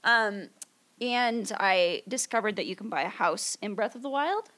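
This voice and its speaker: A woman's voice: medium pitch, lively intonation, normal speed, a bit bright. A woman co-hosting a podcast at a table during a livestream, chatting casually and rambling with lots of fillers. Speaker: podcast co-host. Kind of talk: casual chat.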